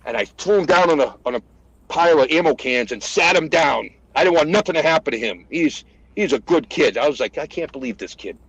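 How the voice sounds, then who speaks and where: A retired American master sergeant, a man, retelling combat stories in casual conversation and acting out the shouted lines. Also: fairly high pitch, brisk, breathy edge, no echo, low-quality recording. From United States. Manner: animated retelling, acts out shouted quotes. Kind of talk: conversational war storytelling.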